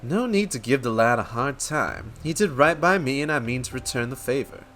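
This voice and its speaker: A man voicing a charming, smooth-talking male rogue in a game, with a theatrical British-tinged drawl. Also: mid-range voice, animated, moderate pace, a bit bright, faint music behind, natural voice. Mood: roguish.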